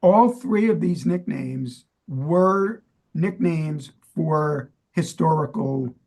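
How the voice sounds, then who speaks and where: A man's voice: fairly high pitch, takes it slowly, gravelly, a little mellow. A man with a New York accent, co-hosting a casual chat and quizzing his partner in a playful, chatty way. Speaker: podcast co-host.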